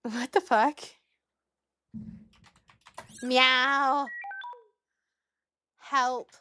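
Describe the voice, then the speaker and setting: High, lively playful woman streamer. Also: slow pace, slight background noise. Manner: playful, giggly, keeps meowing. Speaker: game streamer. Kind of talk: casual gameplay commentary.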